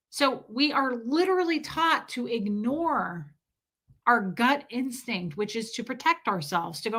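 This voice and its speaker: Taking it slowly, a woman with a fairly high pitch and a somewhat bright, expressive voice reads comments from her viewers. Her casual livestream chatter rambles, with sentences that trail away and begin again.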